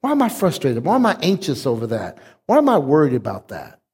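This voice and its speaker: A man's voice: on the high side, wildly swooping pitch, a little fast, a little mellow, husky. A man pastor preaching a sermon, emphatic, leading the congregation in call-and-response.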